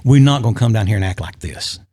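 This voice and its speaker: A man's voice: fairly low pitch, lively intonation, quick pace, mellow, no room sound, clean studio sound, voice pushed down. A man voicing an older male neighborhood boss who firmly scolds a crowd. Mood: stern. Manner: firm, scolding lecture.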